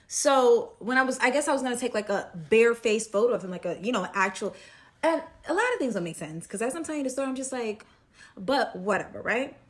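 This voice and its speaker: A woman's voice: a little high, quick pace. A young woman telling a personal story in a casual, chatty way, full of fillers and acted-out quotes. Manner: chatty, animated, many fillers.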